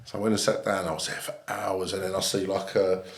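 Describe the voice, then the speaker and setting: A man, telling lively anecdotes as a podcast guest and laughing through his lines. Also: sits low, fast, reverberant. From England. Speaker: guest, ex-army comedian. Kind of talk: casual storytelling. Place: podcast studio.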